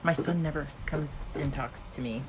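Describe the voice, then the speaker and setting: A woman in her thirties co-hosting a casual podcast, animated and jokey, acting out quotes and swearing freely. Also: low voice, moderate pace, very noisy. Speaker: podcast co-host. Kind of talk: casual chat.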